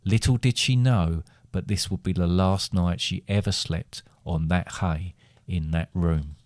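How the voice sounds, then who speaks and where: A middle-aged man reading a comic fantasy story aloud in a wry, deadpan way. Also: low voice, measured pace, no echo, studio quality. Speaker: podcast co-host, father.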